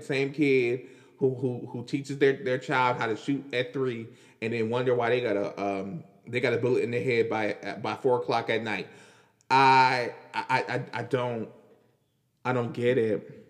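A man's voice: medium pitch, a little slow. Guy hosting a podcast, casual chatty rants, laughs a lot, echoey room w/ long reverb. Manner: animated, laughing, repeats himself. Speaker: podcast host. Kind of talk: casual commentary.

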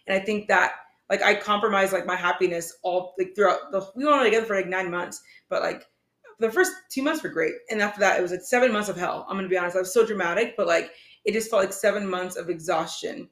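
A woman's voice: medium pitch, fast talker, fairly bright tone. Earnest young woman rambling in an echoey room. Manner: earnest, rambling, heavy use of "like". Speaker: podcast co-host. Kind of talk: casual chat.

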